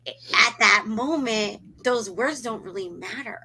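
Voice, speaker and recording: A woman's voice: fairly high pitch, a little slow, crowd noise, low-quality recording. A woman hosting a casual interview, eagerly sharing personal stories as a mother. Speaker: podcast host and mother.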